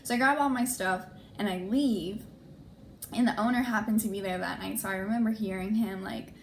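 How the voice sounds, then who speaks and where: A young woman chats through a personal storytime, switching into other people's voices as she quotes them. Her voice sits at an ordinary middle pitch. A faint hum of background noise runs under it. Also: moderate pace. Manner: animated, acts out quoted dialogue, frequent "like". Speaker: vlogger. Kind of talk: casual storytime.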